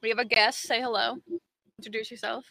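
Bright-voiced British woman hosting a podcast. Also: fairly high pitch, level tone, fairly quick, vocal fry, no echo. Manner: giggly, rambling, lots of ums. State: losing her voice. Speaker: podcast host. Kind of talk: casual chat, reading notes.

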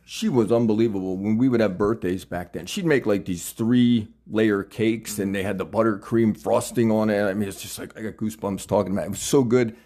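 A man's voice: fairly low pitch, brisk, few pauses, mellow. Chatty older man interviewing. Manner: chatty, enthusiastic, laughs often. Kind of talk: casual interview chat.

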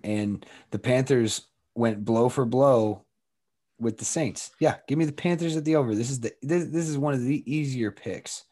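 A man's voice: mid-range voice, mellow. Brash, swearing man on a sports podcast. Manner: brash, cocky, swears a lot. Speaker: podcast co-host. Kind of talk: casual sports podcast chat.

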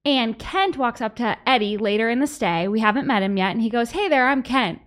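A woman's voice: on the high side, lively intonation, brisk. A woman hosting a podcast, telling a story in a chatty, giggly way with lots of "like". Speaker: podcast host. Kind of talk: casual chat.

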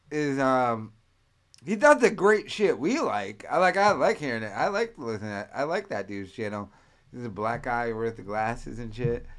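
Rambling, profane man with lively pitch. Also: clean tone. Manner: rambling, profane, laughing often. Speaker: host. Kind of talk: casual commentary.

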